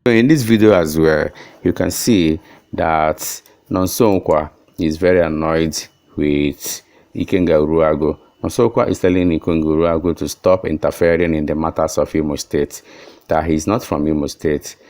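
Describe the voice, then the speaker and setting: A man, hosting and explaining news clips in a plain, steady manner. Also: very deep voice, normal speed. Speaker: channel host narrating clips. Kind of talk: commentary.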